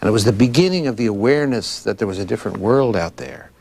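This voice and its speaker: A man's voice: on the low side, fast talker, darkish tone, slight background noise. A man in his sixties from Philadelphia, giving long, thoughtful and digressive interview answers as a librarian, with frequent restarts. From Philadelphia, United States. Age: 60s.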